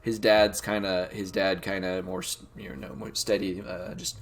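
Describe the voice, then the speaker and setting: A man's voice: sits low, level tone, moderate pace, slight background noise. A man narrating a tabletop game as game master, talking casually with lots of fillers. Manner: casual, rambling with many fillers.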